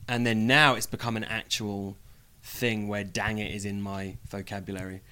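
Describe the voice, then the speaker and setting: A young man with a British accent chats easily in an interview, his voice sitting a little low. He jokes along and fills his pauses with "um", sounding relaxed and friendly. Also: slight background noise. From United Kingdom. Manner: chatty, jokey, many "um" pauses. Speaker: wrestler, interview guest. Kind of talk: casual interview chat.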